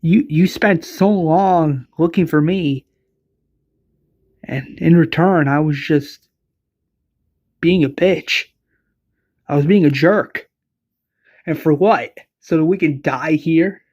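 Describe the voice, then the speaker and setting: A man's voice: a little high, takes it slowly, long pauses, a little mellow, lo-fi sound. A man voicing a remorseful woman survivor who blames herself, in a fan-fiction retelling. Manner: self-blaming, pleading.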